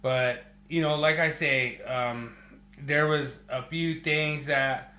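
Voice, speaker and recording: A man hosting a football podcast in casual chat, talking in a relaxed way with many fillers. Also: a little high, slow, roomy sound. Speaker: podcast host.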